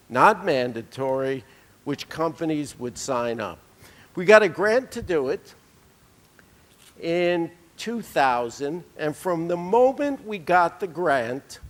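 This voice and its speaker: A man delivering a conference keynote, telling anecdotes with dry humor. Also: on the high side. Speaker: keynote speaker. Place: conference hall. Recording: reverberant lecture hall.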